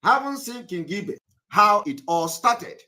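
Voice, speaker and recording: A man's voice: sits high, very animated, takes it slowly, bright, forceful tone. A man from Nigeria hosting a live online broadcast, talking straight to viewers in an emphatic, scolding way and repeating his points.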